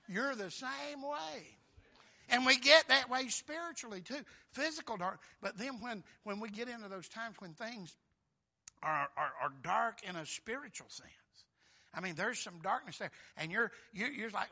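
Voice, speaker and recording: A man preaching, his voice pitched high and bright. He talks in a folksy, exclamatory way, keeps calling out for amens, and pushes his voice hard. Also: animated, normal speed, gravelly. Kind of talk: sermon.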